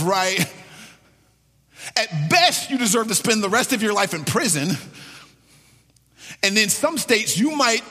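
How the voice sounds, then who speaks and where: A man's voice: high voice, very animated, unhurried, pauses often, pushed and bright, breathy edge, long reverb tail. A male pastor preaching a sermon emphatically, repeating key phrases for weight.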